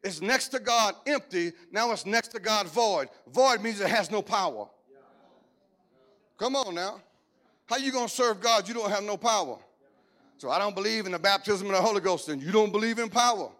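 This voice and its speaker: A middle-aged pastor with a Cajun accent preaches with humor, his voice sitting high for a man. He keeps the sermon joking and animated, breaking into loud whoops and shouts. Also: normal speed.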